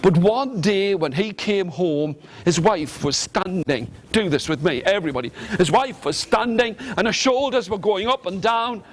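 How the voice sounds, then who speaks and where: A middle-aged man telling an interactive story to a live audience, lively and animated, leading the listeners in call-and-response and gestures. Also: sits high, moderate pace, few pauses. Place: large room with a live audience.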